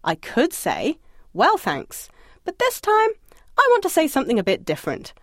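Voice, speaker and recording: A woman narrating a scripted audio language lesson, encouraging and lightly humorous, asking the listener to answer out loud. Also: high-pitched, wildly swooping pitch, normal speed, no echo, clean studio sound. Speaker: language course instructor.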